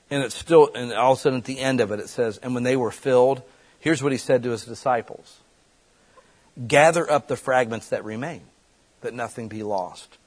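A man preaching a sermon in a conversational way, breaking into quick acted-out voices. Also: mid-range voice, slightly rough. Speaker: pastor.

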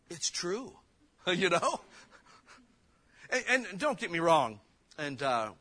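Male pastor, conversational joking sermon, punchy emphasis, high bright tone. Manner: casual, joking preaching with emphatic bursts; reads King James verses slowly.

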